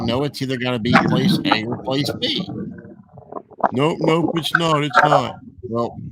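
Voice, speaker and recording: A man's voice: mid-range voice, very noisy. A man, an angler telling a story in casual chat and acting out what others said. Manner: animated, acts out quotes of others.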